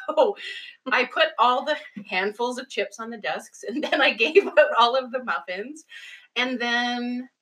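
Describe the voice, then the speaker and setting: A young adult woman co-hosting a podcast, telling animated classroom stories with frequent laughter. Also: on the high side, unhurried, low-quality recording. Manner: animated storytelling, laughs often, acts out kids' voices. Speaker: podcast co-host. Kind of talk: casual chat.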